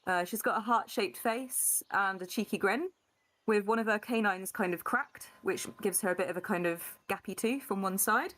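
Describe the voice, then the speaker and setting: A woman's voice: medium pitch, moderate pace, a bit bright. Woman tabletop player, casual and chatty. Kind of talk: casual chat.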